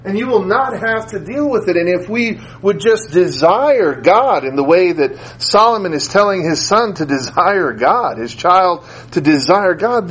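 A man's voice: high voice, poor audio. A man preaching a sermon in a conversational way, repeating phrases for emphasis. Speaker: school teacher.

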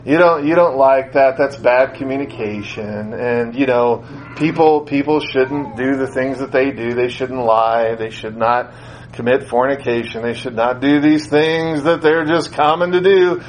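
A man's voice: medium pitch, a little slow, a little hiss or hum, low-quality recording. A man preaching a sermon in a conversational way, repeating phrases for emphasis. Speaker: school teacher.

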